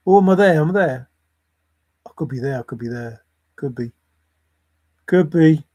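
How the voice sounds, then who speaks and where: A man's voice: on the high side, lively intonation, moderate pace, dark tone, highs cut off. A man vlogging about a treasure hunt, rambling and giggling as he comments, repeating words and muttering to himself. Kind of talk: rambling commentary over video.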